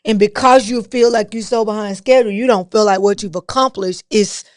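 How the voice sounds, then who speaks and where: A woman co-host speaks softly and reflectively, building her point with encouragement. Her pitch sits in the middle, and the sound is close and dry. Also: fairly even intonation, a little fast, no echo. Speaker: podcast co-host. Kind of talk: casual chat.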